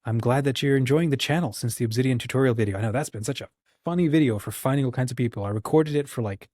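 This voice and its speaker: An American channel host with a mid-range, darkish voice speaks fast on a dry recording. In casual livestream talk, he rambles, encourages his audience, and often acts out little quoted conversations.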